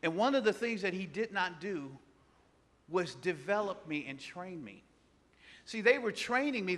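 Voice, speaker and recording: A man preaching a sermon, telling a personal story with animated delivery and acting out the voices of the people in it. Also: sits high. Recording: long hall reverb.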